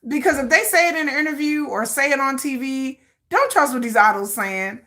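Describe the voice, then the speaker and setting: Animated, bright-voiced woman livestream host. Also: high voice, fairly quick. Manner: animated, laughing, reacting to viewer comments; dramatic, playful ranting. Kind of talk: casual livestream chat.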